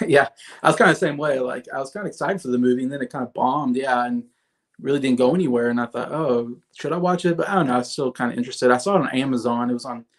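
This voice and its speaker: A man in his thirties hosting a casual livestream, reviewing movies in a rambling way with many fillers and restarts and chatting with viewers. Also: medium pitch. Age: 30s. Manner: chats with viewers in the comments.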